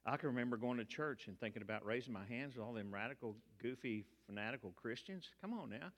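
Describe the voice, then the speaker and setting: Bright-voiced older preacher in a hall. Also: male voice, mid-range voice, expressive, quick pace. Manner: folksy, colloquial storytelling. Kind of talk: testimony sermon. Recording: long reverb of a large hall.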